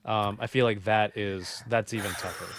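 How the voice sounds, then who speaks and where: A man appearing as a guest on a casual livestream, telling stories with lively, playful mock indignation. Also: lowish voice, moderate pace, slight background noise.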